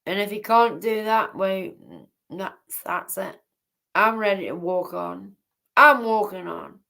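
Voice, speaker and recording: A woman hosting a casual livestream chat, speaking haltingly and repeating herself. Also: medium pitch, vocal fry, bright, forceful tone. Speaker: livestream host.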